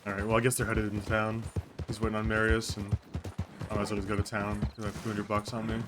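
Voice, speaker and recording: A man's voice: fairly low pitch, completely flat delivery, fast talker, noisy background. A man streaming himself playing a game, rambling through casual commentary and swearing offhand as he plays.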